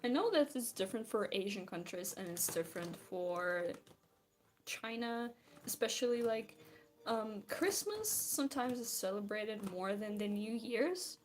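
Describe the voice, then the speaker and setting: A woman's voice: mid-range voice, lively intonation, unhurried, slight background noise. A tired young woman from Belarus, rambling and giggling as she chats casually while drawing. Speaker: streamer.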